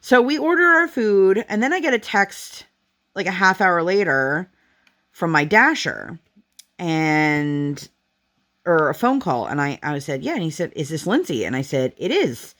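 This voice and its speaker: A woman's voice: lowish voice, sing-song, measured pace, a bit bright. A young woman chatting casually while she works on a craft at home, telling a family story with lots of "like.". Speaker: crafting vlogger.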